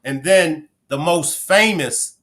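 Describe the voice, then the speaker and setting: A man from Baltimore with a Baltimore accent, hosting a casual livestream and chatting with viewers as he gives shout-outs. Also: fairly high pitch, slow pace. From Baltimore, Maryland. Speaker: livestream host.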